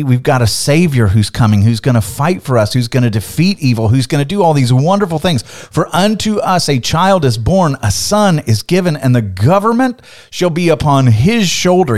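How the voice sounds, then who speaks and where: A man in the middle of a Bible lesson on a podcast, speaking at an ordinary mid pitch. He talks emphatically, building up his points and reading scripture aloud with energy. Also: darkish tone. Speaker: podcast co-host teaching the Bible. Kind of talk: animated Bible teaching.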